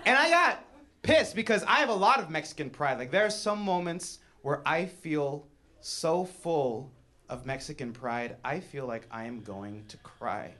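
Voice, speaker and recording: A man doing a stand-up comedy set, animated, dropping to hushed asides and rising to shouted punchlines. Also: a little high, measured pace. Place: comedy club stage with audience laughter.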